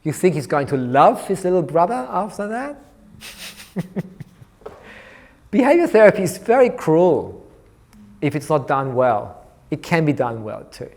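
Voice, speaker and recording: A man lecturing on art therapy, recounting a clinical case and acting out the dialogue between therapist and child, growing soft for the tender moments. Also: on the high side, very animated, a little slow, gravelly, pauses often. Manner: storytelling, softens his voice for tender moments.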